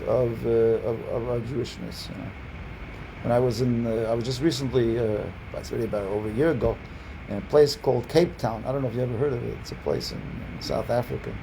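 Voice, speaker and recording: Over an online video call, a rabbi with a medium-pitched, dark voice teaches by telling a rambling story, repeating words and restarting often. He lifts his voice when quoting people, and the rough recording has slight background noise.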